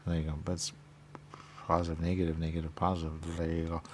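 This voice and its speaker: A man with a low, monotone voice talks fast against slight background noise. He's in a rambling, repetitive stream-of-consciousness monologue, muttering questions and then answering them himself.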